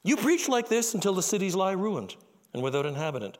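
A stern, commanding divine voice, as a preacher puts it on, declaiming loudly with a raised pitch and sweeping rises and falls. Each phrase is hammered out with forceful emphasis. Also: male voice, very animated, a little fast. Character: stern commanding male voice of God. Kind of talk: sermon with acted-out scripture.

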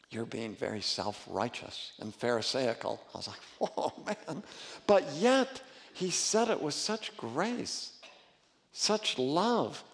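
A man's voice: on the high side, in a large hall. A male pastor preaching a sermon in an earnest, conversational way, often restarting and rising in emphasis.

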